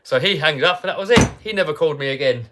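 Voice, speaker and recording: A British man hosting a livestream, telling a story casually and animatedly, dropping to mutters and rising to loud outbursts. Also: fairly high pitch, expressive, fast, background noise. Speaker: livestream host.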